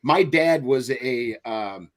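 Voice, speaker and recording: A man's voice: medium pitch, expressive, slow. A man hosting a casual video-call chat, telling rambling stories and laughing often. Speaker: podcast host.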